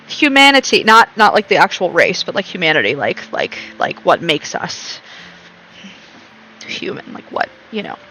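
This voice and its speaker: A woman's voice: mid-range voice, gravelly, sharp tone, slight background noise, rough recording. A young woman streaming a game, reading its text aloud and breaking off into chatty, rambling commentary with frequent laughs.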